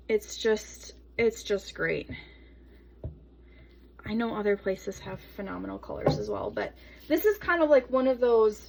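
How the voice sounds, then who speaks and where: A woman's voice: on the high side, darkish tone, slight background noise, low-quality recording. A young adult woman soap maker chatting casually through a tutorial, rambling into asides while she works.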